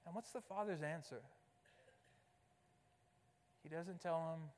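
A man's voice: fairly high pitch, animated, measured pace, long pauses, in a large hall. A man preaching a sermon as pastor, talking conversationally and posing rhetorical questions to the congregation. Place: church sanctuary.

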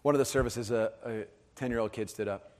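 A man in his thirties preaching a sermon, earnest, moving between hushed and animated storytelling. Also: mid-range voice, fairly quick. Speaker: pastor. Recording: hall with long reverb.

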